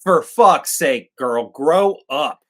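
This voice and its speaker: A man co-hosting a casual movie review chat, making quick, profane wisecracks. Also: on the high side, expressive, pushed and bright. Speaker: co-host of a movie review show. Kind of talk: casual chat, joking commentary.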